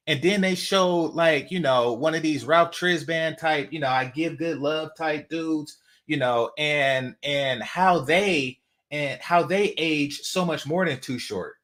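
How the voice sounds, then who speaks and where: This commentary channel host, a man from the San Francisco Bay Area, speaks in a slightly high, fairly bright voice. His monologue is casual and profane, and he mocks and repeats phrases to drive his points home.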